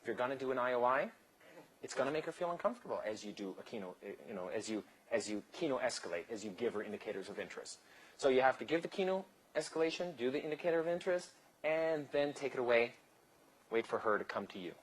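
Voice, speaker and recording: Guy w a husky voice lecturing a class, jokey, acts out little dialogues, curses now and then. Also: mid-range voice, expressive, quick pace, low-quality recording. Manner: loose, joking, acts out dialogue, swears casually. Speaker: seminar instructor. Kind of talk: live lecture with anecdotes.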